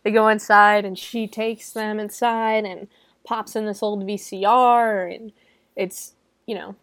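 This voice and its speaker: A woman's voice: medium pitch, level tone, unhurried, fairly bright tone, no echo. A young woman casually recapping a horror movie in a chatty, giggly way, filling her talk with "like". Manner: chatty and giggly, heavy use of "like". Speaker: movie reviewer.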